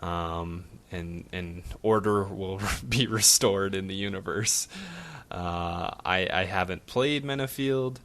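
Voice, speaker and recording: Low-voiced laid-back man. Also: fairly bright tone, slight background noise. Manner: laid-back, measured, trails off with fillers. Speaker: podcast co-host. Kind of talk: casual sports betting chat.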